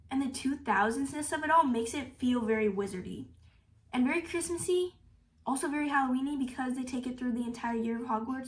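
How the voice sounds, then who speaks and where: A young woman gushing in a casual review, bubbly and excitable, with "like" all through her talk. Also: sits high. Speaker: book reviewer.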